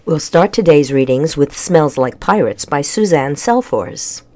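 A calm storybook reader narrating a children's chapter book aloud. The delivery is steady and measured, with a voice of middle pitch.

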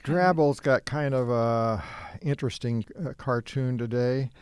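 A man's voice: medium pitch, a little slow, darkish tone, clean tone, dry recording, clean studio sound. A man co-hosting a radio show, casually reading out comic strips and chuckling along. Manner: amused, chuckling between lines. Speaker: radio co-host.

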